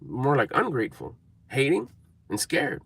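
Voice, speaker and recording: A man's voice: mid-range voice, wildly swooping pitch, measured pace, vocal fry, a bit bright, husky, no echo. A man giving an emphatic, repetitive motivational talk to camera, coaching viewers. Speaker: motivational speaker.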